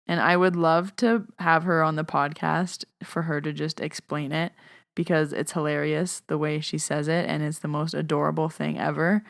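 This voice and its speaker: Chatty woman, low voice, dry close sound. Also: clear, resonant tone, dry recording. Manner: casual, chatty, uses "like" often. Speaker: podcast host and Reiki master. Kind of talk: podcast monologue answering listener questions.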